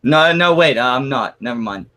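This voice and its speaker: A man's voice: mid-range voice, expressive, moderate pace, pushed and bright. A male streamer talking in a casual comedy bit, hesitant and stammering.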